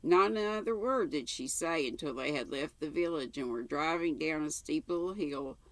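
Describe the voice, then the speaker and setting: An older woman reading a novel aloud in a calm, steady way, with a gravelly voice. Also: low-pitched, moderate pace, no echo. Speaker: storyteller.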